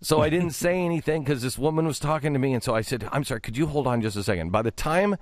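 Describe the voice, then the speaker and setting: A middle-aged man hosting a radio talk show, telling a story in a rambling, halting way with many restarts. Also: no echo, clean studio sound. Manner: rambling, halting with many restarts, drops low for quoted asides. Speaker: radio host. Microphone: studio microphone.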